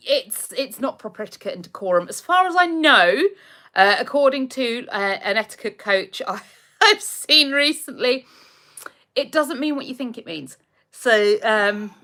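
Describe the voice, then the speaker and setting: A woman's voice: sits high, bright, forceful tone. A woman with an English accent, hosting a casual livestream, chatting with viewers, laughing often and calling them her darling. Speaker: livestream host. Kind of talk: casual livestream chat reading comments.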